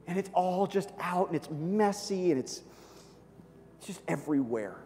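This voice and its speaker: A man preaching a sermon, dramatic, swinging from loud, high outbursts to soft, hushed passages. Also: long reverb tail, a little hiss or hum. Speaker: pastor.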